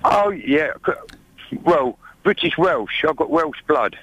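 A man's voice: on the high side, lively intonation, slow, fairly bright tone, dry recording, dull audio. A man calling a radio phone-in, arguing and rambling off his point. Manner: argumentative, rambling. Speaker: caller.

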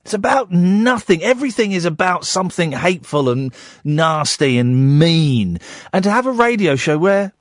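Male radio host, jokey deadpan, animated voice, dry studio sound. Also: sits high, moderate pace, dry recording. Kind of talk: casual late-night radio chat. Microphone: studio microphone.

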